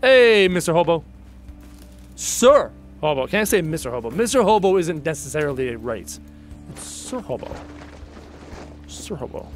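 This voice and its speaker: Animated high-voiced man streaming a game. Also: normal speed, soft background music. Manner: casual, joking, addresses chat as dude. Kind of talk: live gameplay stream, chatting with viewers.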